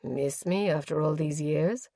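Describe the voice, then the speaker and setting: A woman voicing a tall, commanding male gaming-house owner with a sharp, irritated manner. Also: low voice, unhurried, vocal fry, dry recording, studio quality, full character voice. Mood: surprised, teasing.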